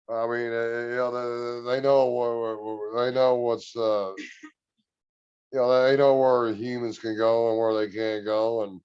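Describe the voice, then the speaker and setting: A man guest on a podcast, telling a story in an earnest, relaxed, drawn-out way. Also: medium pitch, clear, resonant tone, no room sound, lo-fi sound. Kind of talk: casual storytelling.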